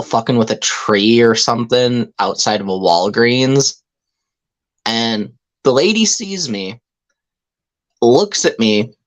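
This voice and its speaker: A podcast speaker trading stories in casual chat. The talk is loose and frustrated, full of swearing and restarts. The pitch sits in an ordinary middle range. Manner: profane, restarting anecdotes told in a frustrated tone. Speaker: podcast co-host.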